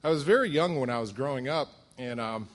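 A man's voice: mid-range voice, expressive, fairly quick, some chatter behind, a little hiss or hum. A middle-aged man from southern Connecticut telling his story at a support meeting, self-deprecating and humorous, with many fillers. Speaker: recovery meeting speaker. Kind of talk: personal testimony at a support meeting.

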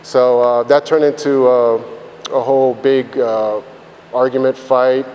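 A man sharing his recovery story speaks in a mid-range, slightly mellow voice at a measured pace, with flat delivery. His testimony is blunt, profane and rambling, heavy with fillers, recorded in a reverberant hall with faint background noise.

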